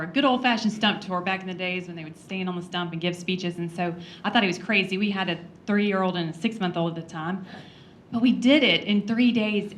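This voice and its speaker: Woman legislator, personal speech, earnest storyteller with soft laughs and ums, middle pitch. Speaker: congresswoman giving a talk. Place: breakfast event room.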